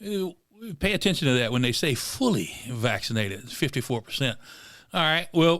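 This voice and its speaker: A man's voice: medium pitch, a bit bright. A man co-hosting a podcast in casual chat, opinionated, talking in bursts with fillers. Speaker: podcast co-host.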